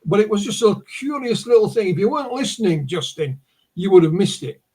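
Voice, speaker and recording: Husky northern English man telling a story. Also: high-pitched, animated, a little fast, darkish tone. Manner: storytelling, restarts words. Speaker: guest researcher. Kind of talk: podcast interview, recounting a case.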